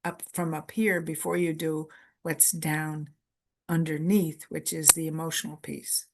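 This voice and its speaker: A woman gives a conference lecture at an unhurried, measured pace. Her voice sits on the lower side, and she drives points home by repeating key phrases as short lists. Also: level tone, background noise. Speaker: workshop presenter.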